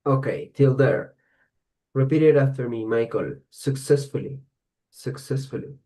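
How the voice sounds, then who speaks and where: A man's voice: medium pitch, normal speed, mellow. A man teaching an online English class, giving praise and repeating words for students to copy.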